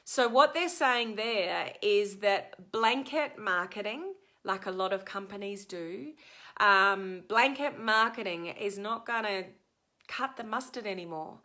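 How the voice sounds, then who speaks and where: Chatty middle-aged Australian woman, bright tone, live-stream coach answering viewers. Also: mid-range voice, takes it slowly. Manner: chatty, answers viewer comments, frequent ums. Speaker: social media coach.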